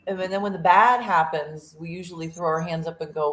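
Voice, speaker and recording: A woman's voice: on the low side, fairly quick, hardly any pauses, reverberant, low-quality recording. A woman co-hosting a casual motivational chat, earnest, telling stories and acting out quotes. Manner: earnest, storytelling, acts out quotes. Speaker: co-host.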